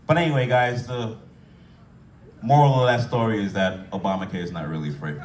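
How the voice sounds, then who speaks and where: A man doing profane stand-up storytelling, loud and animated, acting out voices as he tells an anecdote. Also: on the low side, fairly quick, echoey room, distant mic, a little hiss or hum. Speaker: stand-up comedian.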